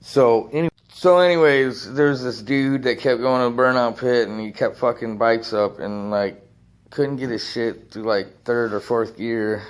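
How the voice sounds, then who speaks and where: A man's voice: mid-range voice, unhurried, smooth. A man telling a rambling biker story in casual talk, swearing often and laughing between lines.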